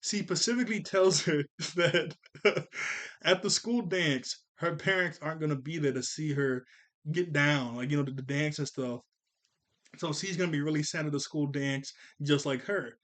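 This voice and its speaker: A young man giving a casual episode review of a cartoon, chuckling often and jumping into quick character voices. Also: fairly high pitch, a bit bright.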